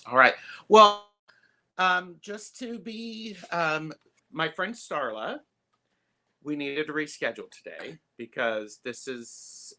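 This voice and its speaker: A man hosting a live tarot stream, chatting casually with lots of fillers and pauses. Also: medium pitch, sharp tone. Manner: chatty, halting, many fillers.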